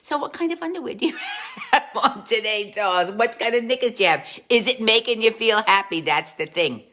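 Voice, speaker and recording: A woman playing a warm, gossipy aunt who hosts a live stream, chatting to viewers and calling them dolls. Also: fairly high pitch, wildly swooping pitch, normal speed. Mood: chatty storytelling. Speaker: comic host. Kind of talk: live-stream storytelling in character.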